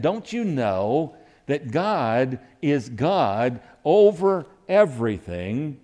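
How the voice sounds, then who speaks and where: A man's voice: mid-range voice, big pitch swings, extremely slow, mellow. A man preaching a sermon who acts out quoted lines with sudden rises and dips in his voice.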